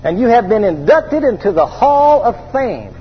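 Male pastor, high voice, call-and-response preaching; muffled church recording with reverb. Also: big pitch swings, moderate pace, slight background noise. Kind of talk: sermon.

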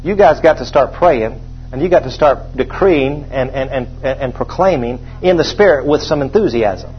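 A man preaching a sermon, emphatic and repetitive, rising to loud proclamations when he reads scripture. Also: medium pitch, animated, moderate pace, soft background music. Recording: dull lo-fi sound.

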